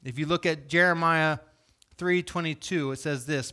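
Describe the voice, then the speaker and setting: A male pastor delivering a sermon in an animated, conversational preaching manner. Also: fairly high pitch, moderate pace.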